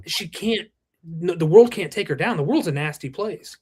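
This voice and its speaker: A man's voice: fairly high pitch, animated, normal speed, a little mellow, breathy edge. A man in his thirties, a company president, talking earnestly and reflectively in a casual interview, with the odd curse word. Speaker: roofing company president, podcast guest.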